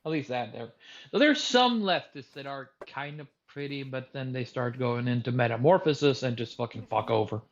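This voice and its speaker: A man's voice: mid-range voice, expressive, moderate pace. Sarcastic Norwegian man on a lo-fi line. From Norway. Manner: sarcastic, crude banter. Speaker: podcast co-host. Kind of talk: casual podcast chat.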